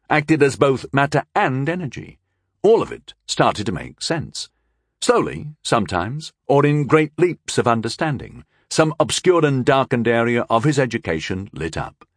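A man narrating an audiobook in a measured, expressive way, on a close studio mic. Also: medium pitch, no echo. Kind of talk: scripted fantasy narration.

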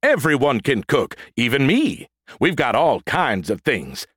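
A man voicing a damaged, stuttering android soldier in a battlesuit with a booming voice, in an audiobook. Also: huge pitch swings, a bit bright, husky, no echo, studio quality, exaggerated voice. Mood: eager booming. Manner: stutters on first sounds, booming, slow drawn-out words. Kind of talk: audiobook character voice.

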